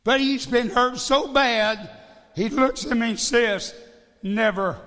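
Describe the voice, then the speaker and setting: A man's voice: very high voice, steady tone, slow pace, bright, forceful tone. A male evangelist preaching a sermon, emphatic, repeating phrases and firing rhetorical questions. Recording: long hall reverb.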